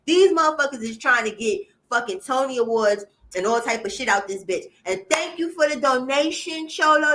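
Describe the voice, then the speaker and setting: A woman's voice: fairly high pitch, fairly bright tone. A woman hosting a livestream, ranting bluntly to her viewers in casual, profane reaction commentary. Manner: indignant ranting. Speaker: livestream host.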